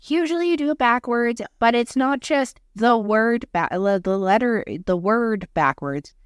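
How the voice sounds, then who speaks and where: A young woman co-hosting a podcast in casual chat, talking in a flat monotone, hoarse after losing her voice. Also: medium pitch, no room sound, clean studio sound. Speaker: podcast co-host.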